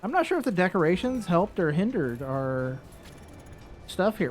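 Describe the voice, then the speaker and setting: A man giving casual let's-play commentary, relaxed and thinking aloud as he builds in a game. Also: high-pitched, normal speed, slight background noise. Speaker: gaming YouTuber.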